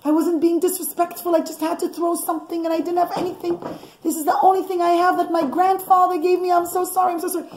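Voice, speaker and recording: A woman's voice: extremely high pitch, flat delivery, fast, darkish tone, slight background noise, voice pushed up. A woman voicing a timid, apologetic young Jewish woman who stammers and pleads. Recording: echoey room.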